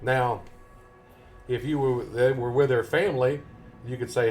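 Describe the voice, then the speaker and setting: A man's voice: mid-range voice, fairly even intonation, a little slow, a little mellow, soft background music. A man chatting casually as a gaming live streamer, folksy and rambling, chuckling often. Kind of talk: casual chat over gameplay.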